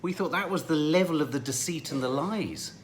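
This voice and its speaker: Animated man co-hosting a review chat. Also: on the high side, fairly quick, crowd noise. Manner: animated, enthusiastic, rambling. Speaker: TV review podcast co-host. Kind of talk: casual chat.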